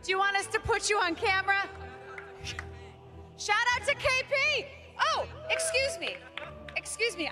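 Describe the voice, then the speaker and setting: A woman's voice: extremely high pitch, lively intonation, unhurried, long pauses, over music. A woman working as a crowd reporter, interviewing fans live in an arena with a bubbly, hype-building manner. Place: large arena among the crowd. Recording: loud arena crowd around the voice.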